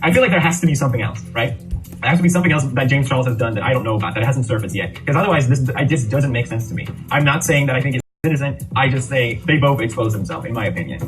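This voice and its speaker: A man's voice: mid-range voice, animated, rapid-fire. A man giving critical, blunt commentary on a video, played from a clip. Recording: distant voice over music, played from a video.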